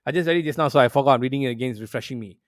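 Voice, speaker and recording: A man's voice: medium pitch, very fast, no room sound. Ranting man, close and dry. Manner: profane, ranting, sarcastic. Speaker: football talk show host. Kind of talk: heated casual commentary.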